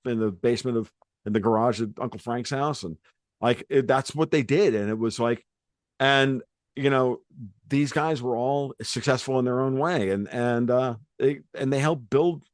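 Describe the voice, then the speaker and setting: A man's voice: medium pitch, normal speed, no room sound, studio quality. A man hosting a podcast, telling family stories in a rambling, salty way with many restarts. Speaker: podcast host. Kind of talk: casual podcast conversation.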